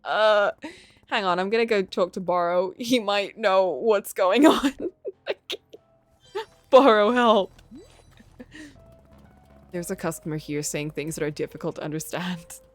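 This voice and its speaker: A woman's voice: on the low side, moderate pace, no echo. A young adult woman streaming a game, chatting casually and giggling, with the odd swear word. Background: faint game music.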